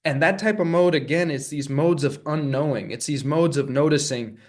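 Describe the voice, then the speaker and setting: A man talking alone in a reflective solo monologue, musing and searching, often restarting phrases and breaking into soft laughs. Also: fairly high pitch, normal speed. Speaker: vlogger.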